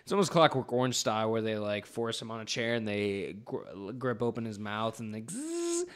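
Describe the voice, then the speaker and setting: Rambling through a film's plot on a podcast he co-hosts, this young man swears and acts out the characters' lines with laughter in casual chat. His voice is on the low side and smooth, a little fast.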